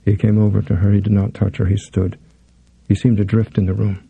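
A man reading a thriller as an audiobook narrator, in measured, intense storytelling. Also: fairly low pitch, little pitch movement, vocal fry, husky, no room sound, phone-quality sound. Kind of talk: scripted narration.

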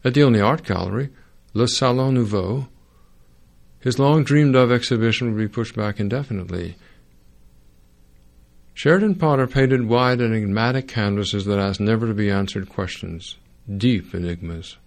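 A man narrating a first-person audiobook in a wry, sardonic way, with dry dark humor. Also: fairly low pitch, moderate pace, creaky.

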